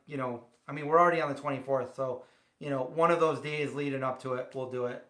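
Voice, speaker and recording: A man's voice: a little high, sharp tone, roomy sound. A man hosting a casual livestream from his home kitchen, rambling and chatting directly with viewers. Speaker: livestream host. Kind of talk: casual chat.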